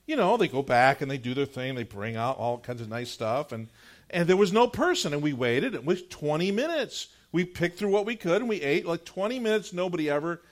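A middle-aged male pastor preaching a sermon, telling a personal story in an animated, conversational way before leading into prayer. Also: a little high. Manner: earnest, measured prayer closing the sermon.

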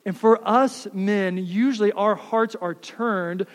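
A man in his thirties, a pastor preaching a sermon, swinging from fired-up passion to quiet, close asides. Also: high-pitched, slow, long reverb tail. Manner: impassioned, builds up then drops to soft asides.

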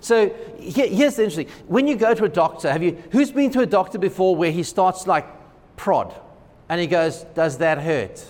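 A man's voice: sits high, lively intonation, fairly quick, darkish tone, long reverb tail. A pastor giving a conversational sermon, joking with and asking questions of his congregation in a church. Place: church sanctuary.

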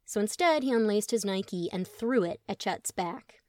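Casting: expressive woman audiobook narrator, wry, dry close studio sound. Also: mid-range voice, normal speed, dry recording.

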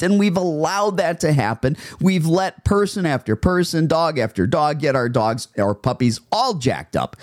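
A man's voice: fairly high pitch, a little mellow, no echo, clean studio sound. A man hosting a dog-training podcast, talking emphatically and repeating phrases for effect. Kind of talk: podcast monologue.

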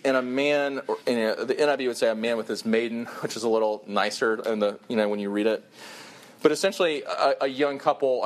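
A man preaching a sermon, talking to the congregation in a conversational, earnest way and stressing key phrases. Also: medium pitch. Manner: conversational, earnest, emphatic with pauses.

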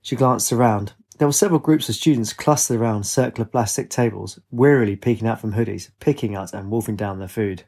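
A man narrating a story in a measured reading voice. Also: lowish voice, steady tone, a little mellow.

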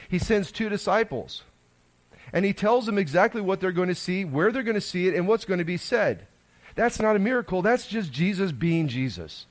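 A man, a pastor giving a conversational sermon that swings between loud emphasis and hushed asides. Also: a little high.

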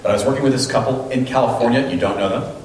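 A pastor preaches rapid-fire in a mid-range voice, telling animated stories and acting out what people said. The room is very echoey, the mic sits at a distance, and there's slight background noise.

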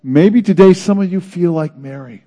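A man preaching a sermon in an earnest, dramatic way, swinging between loud emphasis and hushed moments. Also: high voice, moderate pace. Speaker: pastor.

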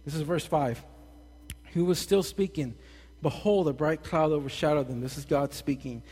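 A young man with a drawl preaches in a loose, lively way, breaking off for jokey asides and acting out the voices he quotes. His voice sits a little on the high side. A long reverb trails behind him from the hall. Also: normal speed, husky. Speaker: pastor. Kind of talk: casual sermon.

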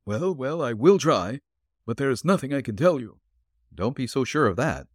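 A man's voice: mid-range voice, big pitch swings, normal speed, no room sound, studio quality, voice pushed up. A man voicing a nervous businessman in his sixties, flustered and pleading.

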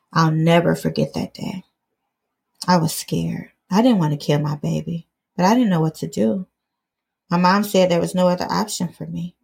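A woman from Detroit reads her memoir aloud in a low voice. Her tone is gravelly and husky. She is earnest and personal, and she slips into casual asides between passages. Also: darkish tone. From Detroit, USA. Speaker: author reading her memoir.

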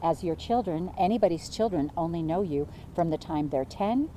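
A middle-aged woman, a guest author, chatting in an interview as a lively, jokey storyteller. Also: lowish voice, normal speed, a little hiss or hum, low-quality recording. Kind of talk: casual interview chat.

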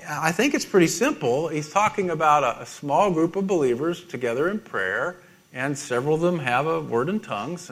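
Halting, self-deprecating male pastor. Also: on the high side. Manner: halting, self-deprecating, with many restarts and laughs. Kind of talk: sermon.

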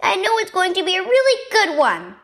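A woman voicing an earnest, tender young boy in a children's story, with an eager, pitched-up manner. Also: huge pitch swings, brisk, fairly bright tone, full character voice.

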